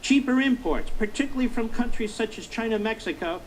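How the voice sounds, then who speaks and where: Emphatic high-voiced male commentator. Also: lively intonation, fast, a little hiss or hum, poor audio. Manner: emphatic, rhetorical questions, repetition. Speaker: talk show host. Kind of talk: political commentary monologue.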